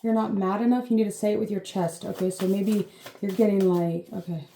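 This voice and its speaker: A woman's voice: mid-range voice, steady tone, a little fast, gravelly, dark tone. A woman giving a casual, meandering reading as host, chatty and full of fillers, swearing playfully now and then. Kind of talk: casual rambling live reading. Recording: roomy echo with faint noise.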